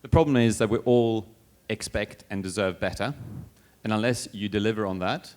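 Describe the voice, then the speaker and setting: Measured, lower-voiced man on a panel. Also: darkish tone. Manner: measured and explanatory, with small restarts. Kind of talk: conference panel answer. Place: conference stage with audience.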